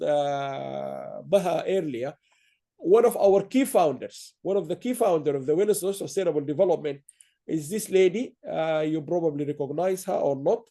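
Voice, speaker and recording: A man with a high-pitched yet mellow voice hosts an online awards ceremony. He rambles warmly through his remarks, full of fillers and restarts.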